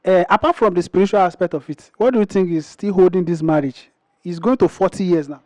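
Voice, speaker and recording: A man's voice: high voice, quick pace, warm tone, no echo. A man hosting an interview, prompting his guests with short affirmations and questions. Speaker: interview host. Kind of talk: interview chat.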